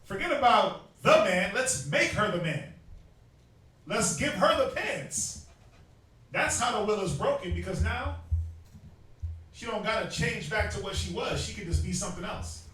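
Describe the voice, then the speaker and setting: A young man street teaching to a group, animated and joking, often mimicking people. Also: sits high, normal speed. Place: outdoors in a city. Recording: very echoey, distant from mic.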